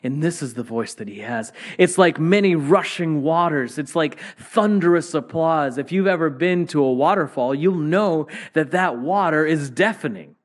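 A man preaching a sermon, swinging between loud exclamations and hushed whispers. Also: a little high, expressive, normal speed, hardly any pauses.

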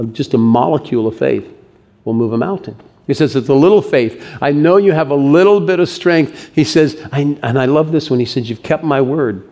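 A man preaching a sermon, animated, swinging between raised emphasis and hushed delivery. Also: medium pitch. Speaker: pastor.

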